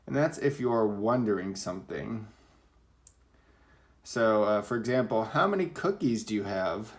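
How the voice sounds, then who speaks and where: A man teaching a recorded reading lesson for children, patiently explaining and acting out example sentences. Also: on the low side.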